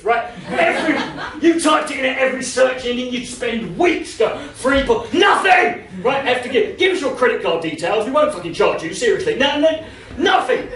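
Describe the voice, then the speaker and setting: A stand-up comedian in his thirties, swearing freely and shouting out punchlines. His voice sits very high for a man. The recording has a roomy live-venue sound, with the voice a little distant from the mic. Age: 30s. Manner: brash, profane, bursts into shouting. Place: comedy venue in front of a laughing audience.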